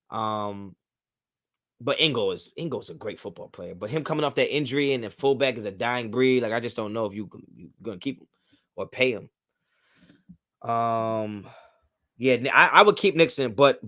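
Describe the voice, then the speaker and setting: A man's voice: mid-range voice, bright, forceful tone. A man hosting a casual live stream, reacting to viewer comments in loose, slangy talk. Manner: loose and slangy, talks back to chat. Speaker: livestream host.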